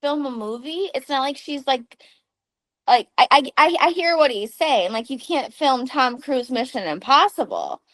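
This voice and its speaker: A woman in her thirties co-hosting a podcast in casual chat, telling animated stories and swearing freely. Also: sits high, measured pace. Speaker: podcast co-host.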